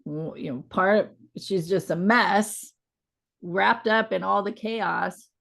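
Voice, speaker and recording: A woman co-hosting a podcast, telling a story from work in a relaxed, conversational way with a gently reassuring manner. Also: mid-range voice, slow pace, gravelly. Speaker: podcast co-host.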